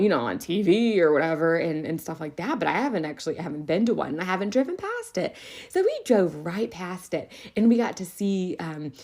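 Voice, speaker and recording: Podcast host, woman, teacher, low voice with a lot of swing, animated storyteller who laughs often. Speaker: elementary school teacher. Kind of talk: casual storytelling.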